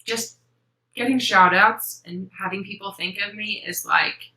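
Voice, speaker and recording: A woman's voice: medium pitch, steady tone, unhurried, pushed and bright, echoey room, low-quality recording. A young woman hosting a cross-stitch vlog, chatting to camera in a sentimental, rambling way with many ums. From Florida. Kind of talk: casual chat to camera.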